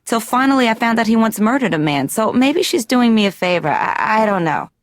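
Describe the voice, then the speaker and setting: A comedian playing a chatty, neurotic female therapy patient in an animated sitcom, with a rambling, stand-up-style delivery. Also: fairly high pitch, fairly quick. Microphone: dry studio mic.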